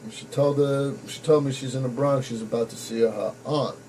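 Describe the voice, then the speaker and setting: A man's voice: mid-range voice, fairly even intonation, normal speed, darkish tone, a little hiss or hum, low-quality recording. A young man vlogging to camera, telling a personal story in a blunt, profane, casual way and calling his viewers folks.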